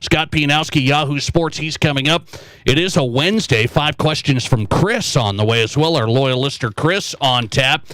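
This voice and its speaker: A middle-aged man hosting a sports talk show, telling stories in a rambling, animated way with repeated phrases. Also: on the high side, moderate pace, dry recording. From South Dakota. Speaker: sports talk radio host. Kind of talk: casual sports talk monologue.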